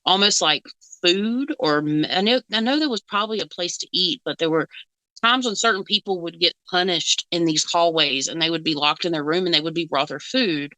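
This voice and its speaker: A woman's voice: lowish voice, a little fast, bright, forceful tone, dry recording, rough recording. A woman co-hosting a casual reaction chat as a psychic, rambling with fillers and frequent giggles. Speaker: psychic co-host.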